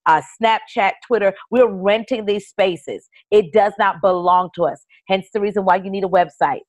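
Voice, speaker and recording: A woman guest giving energetic, coaching advice in an interview. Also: mid-range voice, moderate pace. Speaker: guest, live video strategist.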